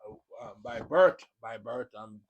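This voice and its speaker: A man's voice: medium pitch, lively intonation, unhurried, noisy background. A man with a Jamaican accent hosting his own video channel, giving a casual, rambling spoken testimony full of "you know" fillers.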